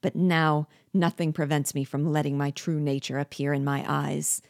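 Woman reading vengeful male dwarf, former jester, gloating, bitter, deliberate, low voice. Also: little pitch movement, gravelly, no room sound, clean studio sound.

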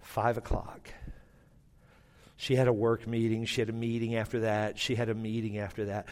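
A man's voice: fairly low pitch, little pitch movement, moderate pace, a little mellow, in a large hall. A man preaching a sermon, telling a personal story with self-mocking humor and emotion. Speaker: pastor.

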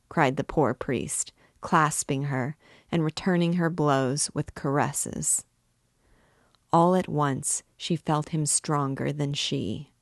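Low, unhurried woman reading a novel. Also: no echo, studio quality. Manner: measured, expressive reading. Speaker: book reader and guide. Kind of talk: reading a classic novel aloud.

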